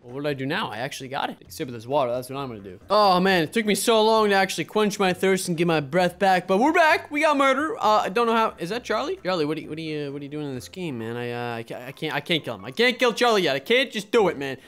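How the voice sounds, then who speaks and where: A young man with a fairly high voice chats through a round of an online game, talking to his viewers in a casual running commentary. He swings from easy rambling into sudden loud, excited outbursts. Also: quick pace, hardly any pauses. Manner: excitable, jumps to loud exclamations. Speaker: gaming video host.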